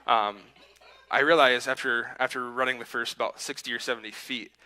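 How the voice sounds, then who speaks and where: A man's voice: medium pitch, fairly even intonation, brisk, bright, forceful tone, poor audio. A man preaching a sermon in a church, telling a personal story in a conversational, self-deprecating way and acting out his own inner voice. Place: church sanctuary.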